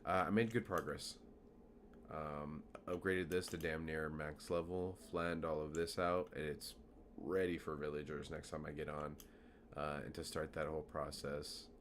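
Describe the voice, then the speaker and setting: A man's voice: rumbling low, flat delivery, normal speed, fairly bright tone, slight background noise. A man streaming a building game, chatting casually and rambling with a self-mocking humor. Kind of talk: casual gameplay commentary.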